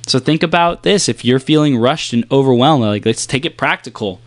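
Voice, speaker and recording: A man giving a motivational talk about silence and pacing, using deliberate pauses and shifting his pace and softness to demonstrate. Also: medium pitch, dry recording.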